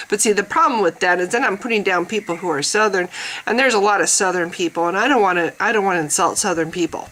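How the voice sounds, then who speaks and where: A woman's voice: mid-range voice, quick pace, fairly bright tone, low-quality recording. A middle-aged woman talking bluntly and profanely in a casual vlog monologue, laughing often. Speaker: vlogger.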